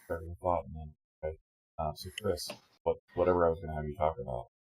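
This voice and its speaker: A hoarse man, the regular dungeon master, loosely rambling through a casual show intro and announcements. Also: rumbling low, little pitch movement, fast talker, a little mellow, dry recording, poor audio. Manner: loose, rambling, loses his train of thought.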